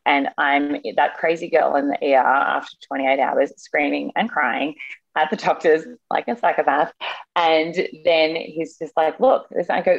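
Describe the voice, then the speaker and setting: A woman's voice: low voice, creaky, highs cut off. A young woman chatting casually and telling a story with animation, acting out the people she quotes. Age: young adult. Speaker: guest. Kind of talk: casual chat.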